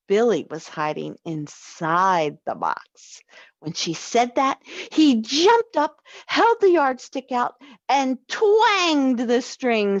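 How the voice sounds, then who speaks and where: A woman reading a children's story aloud, slow and expressive. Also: mid-range voice, no echo, lo-fi sound. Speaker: story reader.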